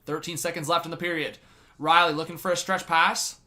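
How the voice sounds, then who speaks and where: A young man calling a hockey game play by play from a live stream, laughing often and shouting when the action heats up. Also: a little high, a little fast. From Canada. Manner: laughs often, bursts into loud excited shouts on big plays. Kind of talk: live fan play-by-play commentary.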